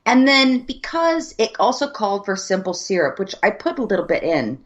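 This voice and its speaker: A woman's voice: mid-range voice, very animated, moderate pace, dull audio. A Southern American woman co-hosting a podcast, a little tipsy, telling a rambling story with laughs and the odd swear. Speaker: podcast co-host. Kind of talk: casual chat.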